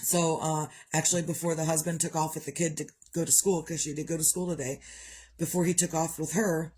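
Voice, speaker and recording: A woman's voice: sits low, level tone, fairly quick, a little mellow, slightly rough. A woman talking frankly to camera in a rambling personal monologue, swearing freely and coughing now and then. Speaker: vlogger.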